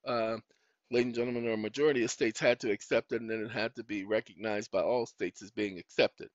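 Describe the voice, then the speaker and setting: This man's voice sits on the low side, with a steady tone and a fast delivery. He hosts his own online show, chatting casually while he searches on a computer, scolding the machine aloud and spelling out words letter by letter. It's a dull, lo-fi recording with no echo.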